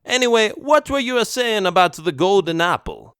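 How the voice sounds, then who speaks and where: A pompous mob boss growls with a thick Italian accent, as a male narrator puts him on in a children's storybook reading. The voice is pitched higher than the reader's own and stays lively and swinging, and the recording is dry and close. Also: moderate pace, clean tone, no echo. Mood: menacing. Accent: Italian (put on). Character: mob boss, older man, pompous and jealous.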